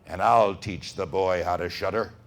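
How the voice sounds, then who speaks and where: A man voicing an old minister in a low, measured voice. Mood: sly.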